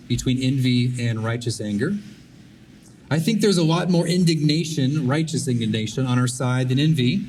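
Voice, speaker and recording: A man's voice: on the high side, darkish tone. A man giving a prepared public speech, earnest and exhorting, repeating key phrases. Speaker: conference speaker. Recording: distant mic with faint background noise.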